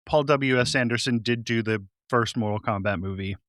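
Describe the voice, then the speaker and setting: A man's voice: mid-range voice, moderate pace, fairly bright tone, no room sound, studio quality. A man co-hosting a podcast, giving blunt, wry opinions on a movie in casual chat. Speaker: podcast co-host.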